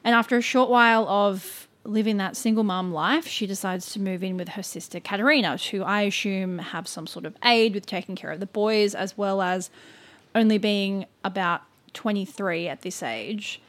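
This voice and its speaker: A woman's voice: medium pitch, normal speed, a bit bright. Chatty woman telling a story. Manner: chatty, filler-heavy with frequent "like" and "um"; stumbles over names and asides. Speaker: podcast co-host telling the story. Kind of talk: casual storytelling chat.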